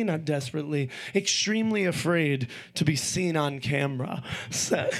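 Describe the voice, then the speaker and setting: This high-pitched male host chats loosely from home, a little stoned. His stories wander and are full of swearing. He talks the way a man does when hanging out with friends. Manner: rambling, profane storytelling. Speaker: podcast host. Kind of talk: casual chat.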